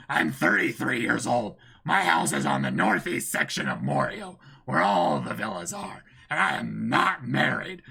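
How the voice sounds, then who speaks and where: Yoshikage Kira, a man doing a calm villain's monologue. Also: medium pitch, gravelly, breathy edge, exaggerated voice. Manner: measured, orderly monologue. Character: calm, fussy adult male villain introducing himself.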